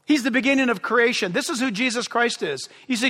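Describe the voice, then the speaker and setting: Pastor, male, impassioned sermon delivery, very high and bright voice, in a reverberant hall. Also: brisk, few pauses. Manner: impassioned, yelling with excitement.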